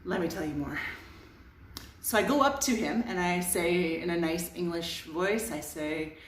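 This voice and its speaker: A woman in her thirties from Canada telling a comic personal story, animated and self-mocking, with dramatic pauses. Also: on the low side, a little hiss or hum. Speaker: vlogger. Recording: roomy sound from a distance.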